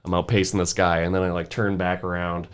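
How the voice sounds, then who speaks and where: A young man with a fairly low voice spins a rowdy anecdote on a podcast. He laughs his way through it, tossing "like" into nearly every phrase as he talks. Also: fast, smooth. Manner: animated, laughing, full of "like" fillers. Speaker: podcast guest. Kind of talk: casual storytelling.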